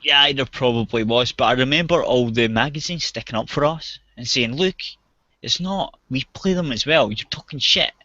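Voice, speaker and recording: A man rants in a casual chat, furious and cursing constantly. His voice sits at an ordinary middle pitch. The audio is dull and dry, like an online voice call. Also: normal speed, pushed and bright, dry recording. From outside the US. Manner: angry, heavy swearing, ranting.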